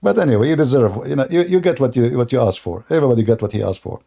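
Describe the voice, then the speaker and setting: Combative male debate host, mellow voice. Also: mid-range voice, lively intonation, creaky. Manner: combative and insulting, interrupts callers; halting, repeats words and restarts. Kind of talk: live-streamed religious debate.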